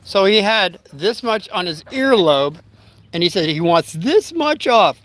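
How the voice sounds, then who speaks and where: A man's voice: high-pitched, big pitch swings, a little slow, a bit bright. An older man telling a rambling story to his live chat, stopping to talk to his dog. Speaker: vlogger. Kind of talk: casual storytelling livestream.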